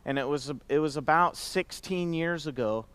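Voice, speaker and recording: A man's voice: fairly high pitch, moderate pace, clear, resonant tone. Chatty man at a podium. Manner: warm conversational with many fillers and restarts. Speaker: company executive speaking at event. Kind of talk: casual heartfelt stage speech.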